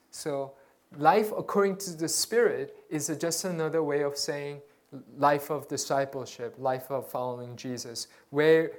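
Slow, earnest preacher giving a sermon. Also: medium pitch. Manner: earnest, repeats words while searching for them. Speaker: pastor.

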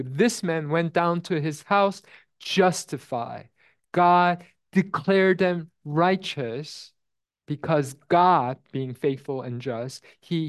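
Repetitive middle-aged preacher, dry close sound. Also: male voice, on the high side, dry recording. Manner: repeats words, often asks "right?". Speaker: pastor. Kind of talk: sermon.

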